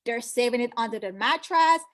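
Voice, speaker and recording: Middle-aged woman with a high voice; an emphatic recruiter who leans on rhetorical questions. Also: animated, fairly quick. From born outside the US. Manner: emphatic, repeats key phrases, asks rhetorical questions. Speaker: recruiter for a financial business. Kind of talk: motivational sales pitch.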